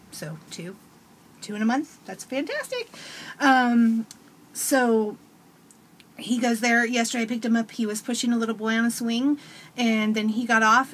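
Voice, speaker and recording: A woman's voice: medium pitch, fairly bright tone, a little hiss or hum. A woman in her thirties giving a casual testimonial as a parent, telling stories with animation and acting out her child's voice.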